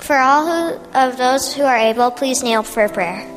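A woman's voice: high voice, moderate pace, music in the background. Earnest woman leading prayer in church. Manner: simple, earnest, with small hesitations. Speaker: prayer leader. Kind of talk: spoken congregational prayer. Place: church sanctuary. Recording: long church reverb.

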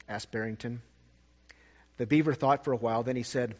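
Storyteller, male, husky and gentle, long reverb behind. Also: medium pitch. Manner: gentle, expressive, slow at sad parts. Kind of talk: storybook reading.

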